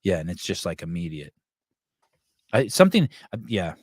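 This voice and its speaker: A man's voice: sits low, sing-song, normal speed, husky, no room sound, clean studio sound. Crude joking man hosting a podcast. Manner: crude, joking, laughs often. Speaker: podcast host. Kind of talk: casual podcast chat.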